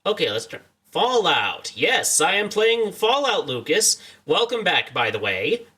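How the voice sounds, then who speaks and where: A man's voice: high voice, sing-song, measured pace, pushed and bright, slightly rough. A young man streaming a video game, joking and rambling as he chats to his viewers in a casual way. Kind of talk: casual let's-play commentary.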